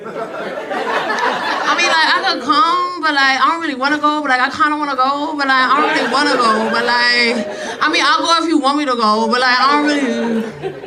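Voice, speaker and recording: A woman's voice: high voice, normal speed, natural voice. A woman putting on a whiny, extra teen girl. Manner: drawling, rambling, valley-girl filler. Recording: live club recording with crowd noise.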